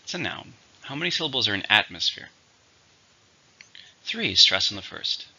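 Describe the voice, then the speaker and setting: Bright-voiced man teaching vocabulary. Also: fairly low pitch, sing-song, lo-fi sound. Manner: slow, clear, repeating each word for learners. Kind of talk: scripted vocabulary lesson.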